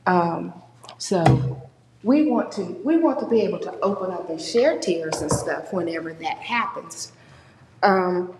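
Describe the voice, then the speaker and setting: A woman's voice: fairly low pitch, unhurried, slight background noise. A woman giving a conversational church talk on grief, acting out the people she quotes. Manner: warm conversational, acts out quoted people with lively voices. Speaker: speaker at a church. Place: church sanctuary. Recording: echoey church hall with long reverb.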